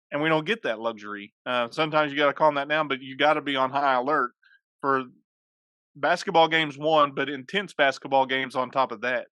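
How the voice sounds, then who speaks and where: A man's voice: mid-range voice, steady tone, fairly quick, sharp tone, smooth, no echo. A man co-hosting a podcast, chatting casually, joking and chuckling often. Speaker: podcast co-host. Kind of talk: casual chat.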